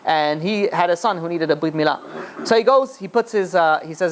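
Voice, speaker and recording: A man, a rabbi, telling a story in a lecture with animated delivery and frequent restarts. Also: high voice, brisk, slight background noise.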